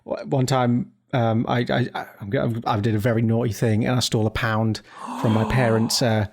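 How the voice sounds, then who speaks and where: A young man with a mid-range voice chats casually on a podcast. He speaks in a halting way, stammering and restarting his sentences. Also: medium pitch, level tone, darkish tone. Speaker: podcast co-host. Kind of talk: casual chat.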